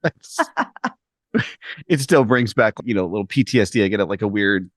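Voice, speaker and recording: A man's voice: lowish voice, normal speed, no echo, studio quality. A man co-hosting a casual podcast, telling stories animatedly and acting out the quotes. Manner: animated storyteller, acts out quotes. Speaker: podcast co-host. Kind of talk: casual chat.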